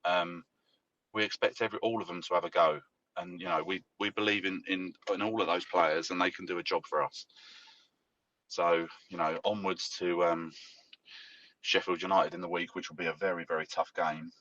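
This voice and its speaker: A man giving an earnest, measured interview answer with frequent pauses and fillers. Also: sits low, fairly even intonation, a bit bright. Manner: measured, hesitant, many fillers. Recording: dull lo-fi clip from a distance.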